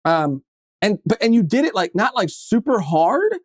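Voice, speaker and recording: A young man co-hosting a podcast, telling a story in an animated way with lots of fillers and swearing. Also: high voice, moderate pace, dry recording, clean studio sound. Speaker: podcast co-host. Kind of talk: casual chat. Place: podcast studio.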